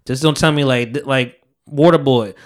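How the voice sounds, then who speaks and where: A man's voice: medium pitch, fairly even intonation, moderate pace. A young man hosting a casual podcast chat, easygoing and laughing often, rambling through his points. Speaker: podcast host.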